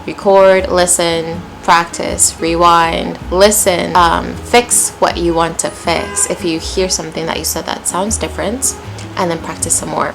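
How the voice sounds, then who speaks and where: A woman's voice: lowish voice, a little slow, a bit bright, soft background music, poor audio. American woman teaching pronunciation. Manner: clear, encouraging, demonstrative delivery. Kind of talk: pronunciation lesson with modeled examples.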